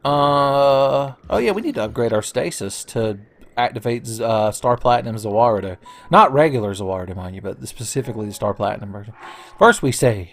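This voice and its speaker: A man's voice: on the low side, lively intonation, fast talker. Joking, profane young male gamer. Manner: joking, profane, rambling, with silly voices. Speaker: let's play commentator. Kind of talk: casual gameplay commentary.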